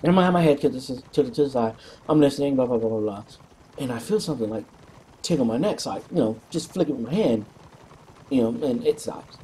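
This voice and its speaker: A man casually telling a rambling, animated story, clearing his throat often and swearing freely. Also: mid-range voice, fast talker, slight background noise. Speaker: co-op gaming channel host.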